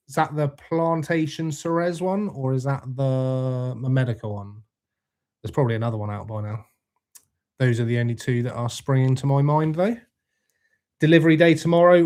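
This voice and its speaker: A man's voice: medium pitch, darkish tone. A young man hosting a casual livestream, greeting viewers by name, laid-back and swearing freely. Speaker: livestream host reading chat. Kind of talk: casual live chat.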